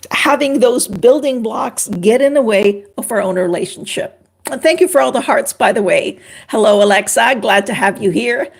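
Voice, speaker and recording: An older woman from Canada, a former couples therapist, chatting on a livestream in an animated way and greeting viewers by name. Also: high-pitched, gravelly. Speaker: relationship expert on a livestream. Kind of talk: casual livestream chat.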